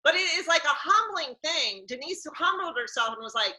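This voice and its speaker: A woman's voice: high voice, brisk, few pauses, poor audio. A woman hosting a casual conversation about faith, telling stories animatedly and acting out the people she quotes. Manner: animated storyteller, acts out quotes. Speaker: podcast host.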